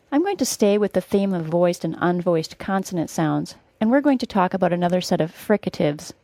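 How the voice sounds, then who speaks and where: A young woman from northern Wisconsin, speaking with a General American accent, leads a pronunciation lesson on a podcast, slowing down to model each sound with care. Her voice is fairly low and warm, with no room sound.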